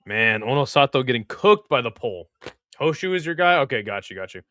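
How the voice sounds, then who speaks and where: Lively, chatty young male streamer. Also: medium pitch, a little fast, no room sound. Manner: laid-back, slangy, chats with viewers between bouts. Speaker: live stream host. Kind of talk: casual live reaction and play-by-play.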